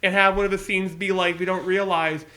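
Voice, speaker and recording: A man co-hosting a podcast in casual chat, eagerly pitching ideas and jumping between topics. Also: level tone, fairly quick, bright, forceful tone. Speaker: podcast co-host.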